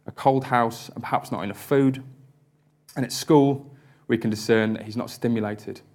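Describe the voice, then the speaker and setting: A man giving a public lecture as a university lecturer, speaking in a measured, articulate way with light self-deprecation. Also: fairly low pitch, a little mellow. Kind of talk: public lecture with read-aloud passages.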